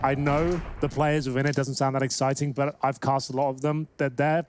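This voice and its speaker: A man's voice: medium pitch, level tone, a little fast, smooth, faint music behind. A man giving color commentary on an esports match, chatty and full of fillers. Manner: chatty, filler-heavy analysis. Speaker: esports analyst. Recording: broadcast with gunfire behind.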